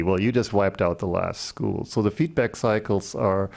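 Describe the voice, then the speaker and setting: A man's voice: lowish voice, normal speed, vocal fry, darkish tone. A man on a panel explaining a point and telling anecdotes, often checking in with a tag question. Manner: tells anecdotes. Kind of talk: panel discussion answer.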